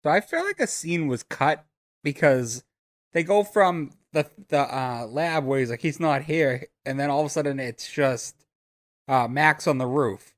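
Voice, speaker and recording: A man's voice: a little high, measured pace. Podcast co-host, man, tentative and reflective. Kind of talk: casual chat.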